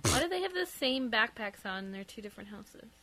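A young woman co-hosting a casual movie commentary podcast, chatty and animated, laughing often. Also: fairly high pitch, fairly quick. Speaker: podcast co-host.

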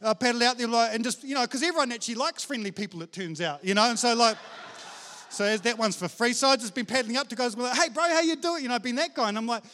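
A man preaching a sermon in a very high voice, and his words ring out with a long reverb as in a big hall. He talks in an energetic, chatty way, pokes fun at himself and drops slang like bro and mate. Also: quick pace, slight background noise. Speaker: pastor.

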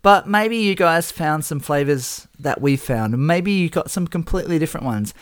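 A man's voice: fairly high pitch, animated, normal speed. Easygoing man co-hosting a podcast. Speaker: podcast co-host. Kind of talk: casual whisky podcast chat.

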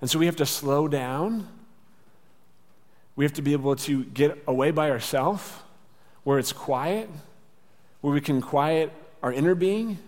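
A man's voice: medium pitch, darkish tone. A male pastor giving a conversational sermon, sometimes acting out little exchanges. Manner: conversational, with acted asides. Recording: church hall reverb.

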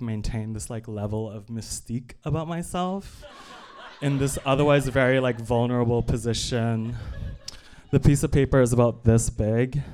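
With a clear, resonant, mid-range voice that's a touch mellow, this man performs comic storytelling live on stage in the evening. He's a stand-up comedian, chatty and self-deprecating, with plenty of asides and fillers.

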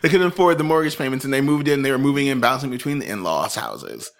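A man in his thirties co-hosting a casual chat show, animated and jokey, laughing often. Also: mid-range voice, fast, gravelly. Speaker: podcast co-host.

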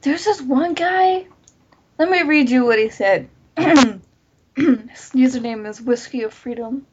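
Her voice is high-pitched, slow, and edged with breathiness, heard through a muffled lo-fi recording. This podcast host swaps stories in a relaxed group conversation, cursing freely and scattering "like" throughout.

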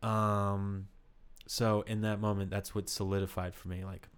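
Male actor, lowish voice, candid, rambling, lots of "like", interview storytelling. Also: little pitch movement, a little slow, smooth. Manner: candid, rambling with many "like" fillers.

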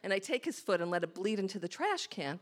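A woman's voice: medium pitch, very animated, quick pace, noisy background. A woman telling a candid, self-mocking personal story on stage before a live audience, acting out her own thoughts as she goes. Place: small hall with a live audience.

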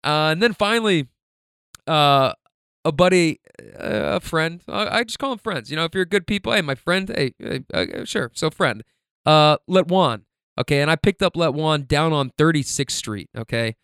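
A man's voice: on the high side, animated, normal speed, a bit bright, smooth, no room sound, studio quality. A man hosting a podcast, telling stories in a loose, profane, rambling way full of fillers. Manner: laid-back, profane, filler-heavy rambling. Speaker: podcast host. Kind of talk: casual storytelling monologue.

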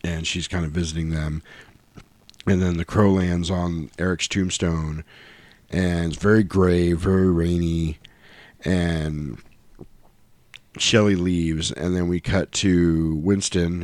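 A man's voice: deep voice, little pitch movement, takes it slowly, darkish tone, dry recording. A middle-aged man co-hosting a podcast, recapping a film in a rambling, casual way and acting out lines in voices. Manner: rambling, quoting scenes in voices. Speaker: podcast co-host. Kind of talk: casual movie recap chat.

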